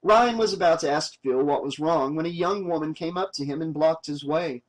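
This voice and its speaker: A man reading a horror novel aloud as an audiobook narrator, steady and plain. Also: a little high, normal speed, rough recording.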